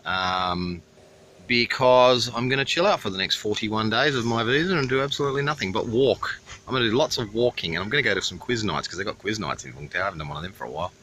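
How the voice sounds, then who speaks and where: A fast-talking Australian man with a lowish, pushed, bright voice films a casual travel vlog beside a busy road. Holding the camera himself, he swears freely and rambles through a story over the faint sound of passing traffic.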